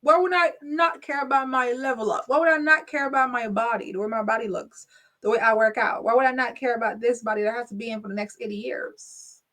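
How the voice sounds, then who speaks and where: A woman's voice: on the high side, fairly even intonation, a little fast, fairly bright tone. A young adult woman hosting her channel, telling a casual story with emphatic rhetorical questions. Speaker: channel host.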